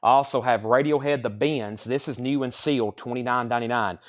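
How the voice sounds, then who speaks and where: A man's voice: medium pitch, brisk. Man calling out live record sale bids. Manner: repeats prices and reads out bids in a steady, chatty stream. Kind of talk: live-stream sales patter.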